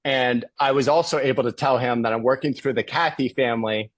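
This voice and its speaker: A man as an interview guest, telling a story in an animated, emphatic way over a video call. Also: mid-range voice, brisk, no room sound. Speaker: guest speaker.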